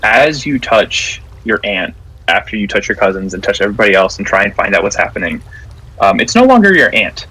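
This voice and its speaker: A man narrating as game master of a tabletop game, describing scenes in a halting way with many fillers. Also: on the low side, sing-song, pushed and bright, breathy edge, dry recording, rough recording.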